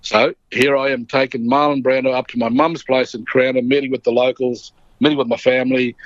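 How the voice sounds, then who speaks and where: A man's voice: medium pitch, brisk, dry recording, highs cut off. A middle-aged Australian man telling a story as an interview guest, acting out the voices of the people in it. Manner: lively yarn-spinning, acting out voices in his stories. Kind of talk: casual anecdote telling.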